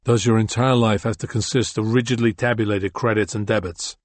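Brief: narrator voicing a grim, soft-spoken archer man, dead and level, low-pitched. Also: brisk, dry recording, lightly acted. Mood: weary. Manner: flat, dead, menacing calm. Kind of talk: audiobook character voice.

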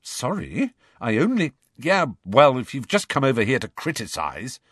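A man's voice: medium pitch, huge pitch swings, normal speed, fairly bright tone, breathy edge, dry recording, clean studio sound, full character voice. A man doing a sulky teenage boy wizard. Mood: grumbling. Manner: sulky and short-tempered.

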